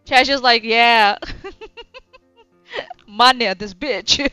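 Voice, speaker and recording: A woman's voice: on the high side, drawn-out words, sharp tone, clean tone, no echo. A woman streaming casual reaction commentary, blunt and sarcastic, swearing freely. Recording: dull lo-fi stream audio with faint music.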